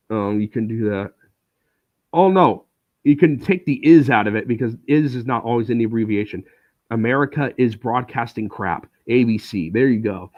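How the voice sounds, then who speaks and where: Slow-talking, rambling man. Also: mid-range voice, dry recording, highs cut off. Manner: rambling, sarcastic, many filler words. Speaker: streamer. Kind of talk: casual live-stream chat.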